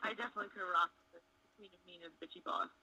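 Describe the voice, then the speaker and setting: A woman's voice: medium pitch, racing, sharp tone, low-quality recording. A young woman chatting frankly and bluntly as an interview guest. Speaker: interview guest, wrestling contestant. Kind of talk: casual interview chat.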